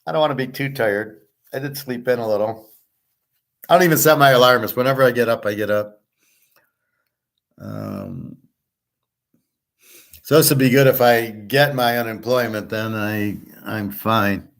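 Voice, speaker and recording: A middle-aged man hosts his own channel with a blunt, rambling, casual monologue, often repeating himself. His mid-range voice is expressive, at a moderate pace with long pauses.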